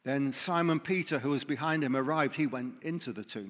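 A man's voice: medium pitch, fairly quick, few pauses, in a large hall. A man preaching a sermon, reading scripture aloud with dramatic emphasis and dropping in light asides. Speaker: pastor.

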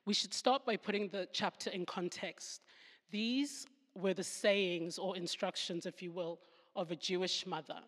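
A woman's voice: on the low side, measured pace, long reverb tail. A woman with a Southern African accent giving a devotional Bible talk, with humorous asides where she laughs at herself. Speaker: Bible teacher.

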